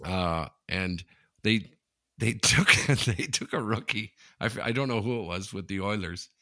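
A man's voice: fairly low pitch, measured pace, sharp tone, dry recording, studio quality. A man co-hosting a sports podcast, chatting casually and telling long rambling stories with many restarts over a video call. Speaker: podcast co-host. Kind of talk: casual chat. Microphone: headphones on video call.

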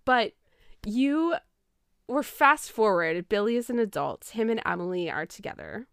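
A young adult woman co-hosting a podcast, recapping a film in casual, animated storytelling. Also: medium pitch, measured pace, vocal fry, clear, resonant tone, no room sound, clean studio sound. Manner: animated storytelling, laughs often. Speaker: podcast co-host.

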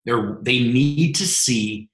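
A man hosting a team coaching call, motivational and energetic, often repeating his words as he builds up. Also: medium pitch, slow, roomy sound, rough recording.

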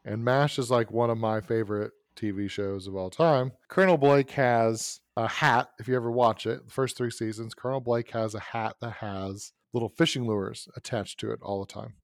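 Brief: male podcast host, mid-pitched, dry close sound, loose rambling storytelling. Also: steady tone, moderate pace, hardly any pauses, no echo. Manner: rambling, self-correcting anecdote with frequent asides. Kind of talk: casual storytelling.

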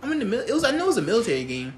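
Man with wildly swinging pitch, chatting. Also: rapid-fire, a crowd in the background. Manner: expressive, jumps into high voices when quoting. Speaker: podcast co-host. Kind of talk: casual chat. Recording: roomy echo.

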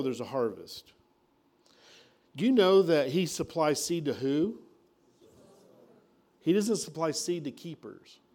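A man's voice: on the high side, darkish tone. A man preaching a sermon in a folksy, conversational way, acting out little everyday scenes. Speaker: pastor.

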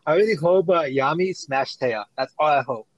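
A man's voice: a little high, animated, normal speed, lo-fi sound, a crowd in the background. A man in casual podcast chat who repeats himself while explaining.

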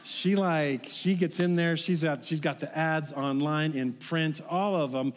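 A middle-aged male pastor delivers his sermon in a relaxed, conversational manner, checking in with the congregation as he goes. His voice sits a little high for a man. The sound carries a long reverb from the church sanctuary. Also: unhurried. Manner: conversational, folksy, with asides to the congregation.

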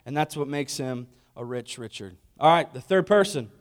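A man's voice: mid-range voice, expressive, normal speed. A man giving a humorous sermon-style talk, joking and asking the audience questions. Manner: jokey, asks the audience questions.

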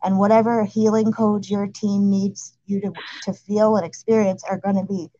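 A woman calmly and confidently explaining spiritual ideas in a casual conversation, speaking with assurance. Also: mid-range voice, moderate pace, dry recording, highs cut off. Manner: calm, assured, speaks of light codes. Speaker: spiritual guide.

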